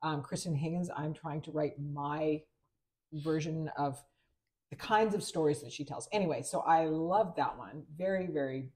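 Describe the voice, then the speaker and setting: Lively, lower-voiced woman co-host. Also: moderate pace. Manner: lively storyteller who slips into voices of people she quotes. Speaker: podcast co-host and novelist. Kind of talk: casual chat over wine.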